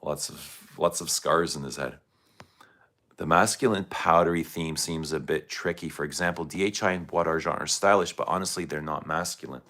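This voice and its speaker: A man's voice: rumbling low, moderate pace, bright, forceful tone. A man hosting a casual fragrance livestream, rambling loosely and reacting to viewer comments. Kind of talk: casual livestream chat answering chat.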